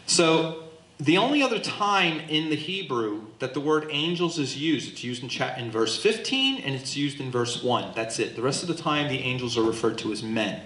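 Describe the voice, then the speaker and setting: A man leading a Bible study as pastor, teaching in an animated way and acting out the voices in the text to his group. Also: mid-range voice, moderate pace. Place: church hall with a small group. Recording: echoey room.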